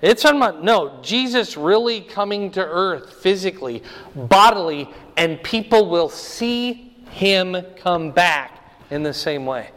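A man teaching a Bible lesson verse by verse, explaining slowly and checking in with "right?" and "okay?". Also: high-pitched, animated, a bit bright, long reverb tail.

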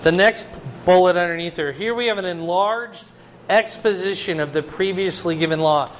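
A man with a notably high voice leads a verse-by-verse Bible study as a pastor. He reads passages aloud, then explains them in a plain conversational way and keeps checking in with his listeners. Faint noise sits under the recording. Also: normal speed.

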